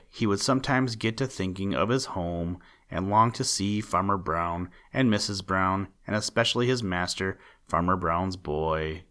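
Low-voiced man reading a storybook. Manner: measured, gently emphatic storytelling. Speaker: narrator. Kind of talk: audiobook reading of a children's animal story.

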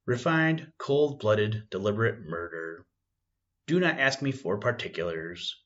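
A man's voice: lowish voice, big pitch swings, measured pace, fairly bright tone. A man voicing an urgent, commanding male detective, grave and intense, on a dull lo-fi recording.

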